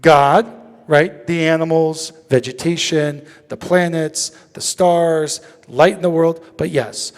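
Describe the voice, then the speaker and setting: A man with a slightly high voice teaches as a rabbi in a synagogue, asking the audience questions and throwing in jokes. His voice rings out with the long reverb of a large hall. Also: vocal fry. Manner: asks the audience questions, joking and lively. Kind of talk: interactive teaching talk. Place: synagogue sanctuary.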